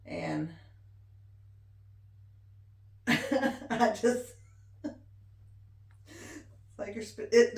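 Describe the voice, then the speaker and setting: A woman in her forties with a blended Appalachian and Ozark accent, speaking in a homey, folksy way in an oral history interview. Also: lowish voice. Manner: slow, homey and folksy with laughs. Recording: roomy echo.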